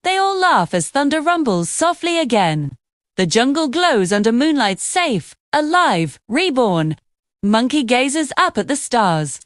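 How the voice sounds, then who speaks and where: Woman narrator for a kids' story, expressive, high-ish and animated. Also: unhurried, no room sound, studio quality.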